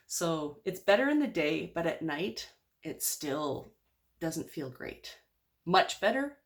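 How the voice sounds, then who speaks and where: A woman's voice: deep voice, fairly bright tone. A woman speaking candidly in a personal video diary, open and rambling with lots of fillers. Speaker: vlogger.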